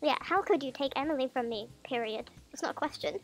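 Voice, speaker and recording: A woman's voice: sits high, brisk, soft background music, lightly acted. A woman voicing a bitter, jealous young man who is scheming against his rival and reading out his diary resentfully.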